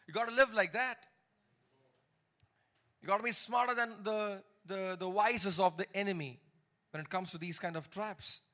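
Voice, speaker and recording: A high, bright male preacher delivers a sermon. He reads scripture aloud, then breaks off to comment. He drives his points home with repeated lines and calls for the congregation to answer back. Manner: preaching with repeated emphatic lines and call-and-response. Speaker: pastor.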